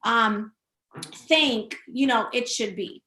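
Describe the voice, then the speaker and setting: Woman host, bright, emphatic, echoey room. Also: fairly high pitch, takes it slowly. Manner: emphatic, summarizing and prompting the guest. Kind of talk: casual leadership chat. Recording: roomy echo.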